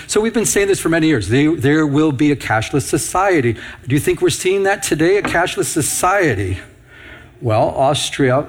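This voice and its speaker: A middle-aged man preaching on Bible prophecy, reading headlines and scripture and asking the audience rhetorical questions. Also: medium pitch. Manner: asks rhetorical questions to the audience, reads news headlines aloud. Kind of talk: prophecy teaching sermon.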